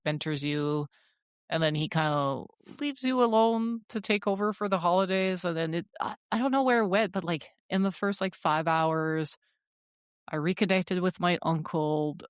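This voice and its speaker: Lady, lowish voice, chatty podcast host rambling about games, dry close sound. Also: clean tone, no echo. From French Canada. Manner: chatty and animated, with many fillers. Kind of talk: casual podcast chat.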